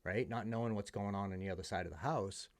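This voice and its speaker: Middle-aged man, from the US, gravelly fry, low voice, candid conversational storyteller. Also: quick pace. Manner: candid, conversational, drops to a hush at emotional moments. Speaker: podcast guest. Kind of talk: casual storytelling.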